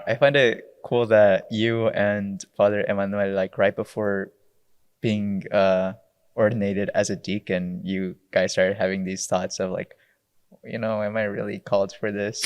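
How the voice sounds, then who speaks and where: A man's voice: on the low side, fairly even intonation, moderate pace. A man hosting a podcast interview, asking laid-back questions and giving short encouraging reactions. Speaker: podcast host. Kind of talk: casual interview.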